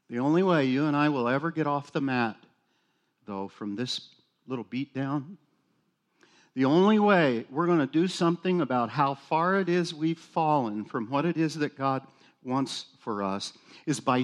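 A male pastor preaching a sermon in a conversational, self-deprecating way with jokes. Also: on the high side.

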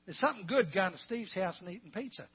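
A man preaches a sermon in a high, slightly husky voice. He keeps asking the congregation questions and builds to loud, emphatic peaks. The recording is muffled and lo-fi. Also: expressive, fast. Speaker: guest preacher.

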